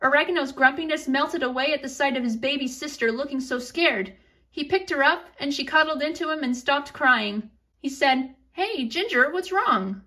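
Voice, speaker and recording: High, bright chatty woman storyteller. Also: normal speed. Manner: chatty, with asides to listeners. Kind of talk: casual storytelling narration.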